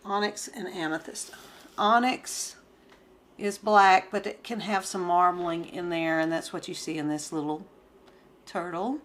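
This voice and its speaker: A woman's voice: lowish voice, fairly bright tone, a little hiss or hum. A woman who sells gemstones and crafts, chatting casually to her viewers as she unboxes an order and gushes over each piece. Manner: chatty, gushing, talks to viewers.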